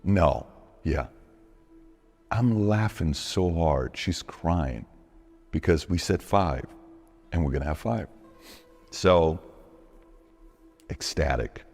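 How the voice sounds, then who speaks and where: Man with an extremely low voice, interview guest, animated storyteller who voices every line of dialogue. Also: takes it slowly, creaky, long pauses, faint music behind. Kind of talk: personal storytelling in a podcast interview.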